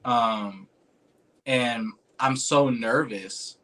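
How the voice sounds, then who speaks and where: Man, casual storyteller, rambling, slangy, cursing, earnest, mid-pitched voice. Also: drawn-out words, bright, forceful tone. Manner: rambling and informal, heavy on "like" and "dude", swears freely; earnest and emotional when recalling a moving moment.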